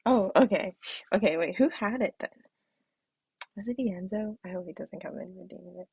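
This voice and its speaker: A woman's voice: medium pitch, moderate pace, gravelly, breathy edge, no room sound. A young woman chatting casually on her live stream, giggly, with a throat that feels off and the odd whispered aside. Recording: dull, muffled stream audio.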